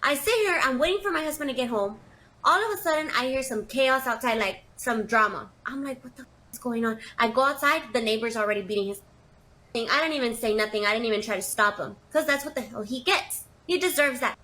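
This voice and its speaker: A young woman tells a dramatic confession story as if it were her own. She talks casually and fills it with lots of "like"s, and her voice sits a little high and sounds bright and sharp. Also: expressive, a little fast. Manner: chatty, dramatic, many fillers. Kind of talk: casual first-person storytelling.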